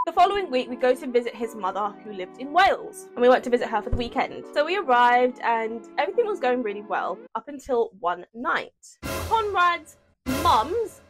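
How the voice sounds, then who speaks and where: A young woman in her early twenties with a British accent, telling a dramatic personal story to camera in a slangy, animated way from her room at home. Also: high voice, normal speed, soft background music. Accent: British English. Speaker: vlogger. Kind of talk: casual storytime.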